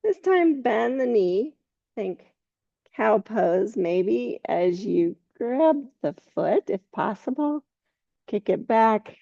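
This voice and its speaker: A woman guides a yoga class with unhurried, calm cues. Her voice is mellow and slightly gravelly. The sound is dry and a little dull. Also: a little high, dry recording. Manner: slow, calm cueing with soft laughs. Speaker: yoga teacher.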